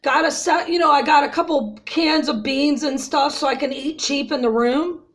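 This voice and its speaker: A woman's voice: high-pitched, moderate pace. A woman in her fifties venting to her viewers in an agitated, ranting way, upset after crying and calling her audience "y'all". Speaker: vlogger. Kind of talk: emotional personal vent to viewers.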